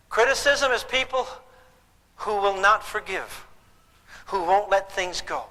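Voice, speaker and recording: A man's voice: sits high, pushed and bright. An older man giving a live parenting lecture, folksy and joking, often asking the audience questions. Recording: hall reverb, faint background noise.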